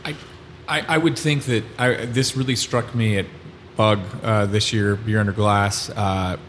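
A man's voice: lowish voice, fairly even intonation, unhurried, a bit bright. A man talking casually on a podcast, musing with some hesitation as he thinks through his point. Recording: long reverb with faint noise.

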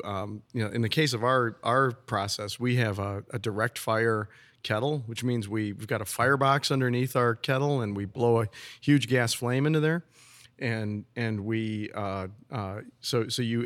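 A male brewer chats on a podcast. His voice sits at a middling pitch. He repeats and restarts phrases as his ideas run ahead of his words. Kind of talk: casual podcast chat.

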